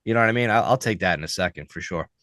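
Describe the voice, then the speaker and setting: A man's voice: sits low, rapid-fire, a bit bright, dry recording. Male co-host, blunt and loose-mouthed, dry close sound. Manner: blunt, swears freely. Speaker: podcast co-host. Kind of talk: casual sports chat.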